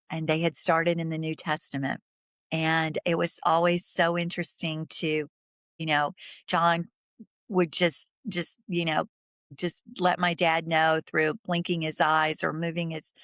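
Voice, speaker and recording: A middle-aged woman with a deep, slightly bright voice is the guest in an interview, earnestly and haltingly recounting a personal experience and whispering through its hardest points. The studio sound is clean and dry.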